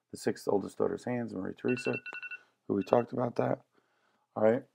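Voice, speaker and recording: A man's voice: on the low side, vocal fry, darkish tone, breathy edge. A man teaching a history lesson in a casual, joking lecture style. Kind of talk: classroom lecture.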